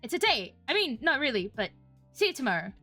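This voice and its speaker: A woman faking a smooth, flirty man neighbor. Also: very animated, quick pace, faint music behind, heavily acted. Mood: smooth flirting. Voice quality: soft, failing to sound deep.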